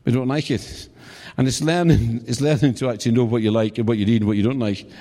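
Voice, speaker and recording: A man's voice: medium pitch, steady tone, quick pace, warm tone. British guy preaching, jokey stories, asks the crowd stuff, big hall reverb. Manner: humorous, chatty storytelling with asides to the audience. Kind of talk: sermon.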